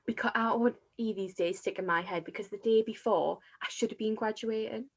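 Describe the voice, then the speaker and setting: A woman's voice: on the high side, moderate pace, husky. A young woman, candidly telling her own story as a podcast guest. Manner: candid, self-deprecating storyteller. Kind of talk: casual chat.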